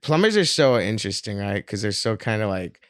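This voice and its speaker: A man's voice: on the low side, a little fast, smooth, no room sound. A man co-hosting a podcast in casual studio chat, telling stories with jokey asides. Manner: animated storyteller, jokey asides. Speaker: podcast co-host. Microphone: studio microphone.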